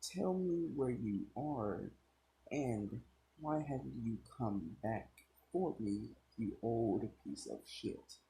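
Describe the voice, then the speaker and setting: A man's voice: mid-range voice, expressive, slow, gravelly, a little hiss or hum, rough recording. A man voicing an irritated, foul-mouthed teenage boy hero in a read-aloud fan story. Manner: curt, swears, yells when angry.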